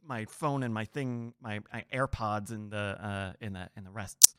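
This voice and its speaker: A man's voice: lowish voice, normal speed, background noise. A man co-hosting a podcast, rambling through an anecdote in casual chat and laughing often. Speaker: podcast co-host.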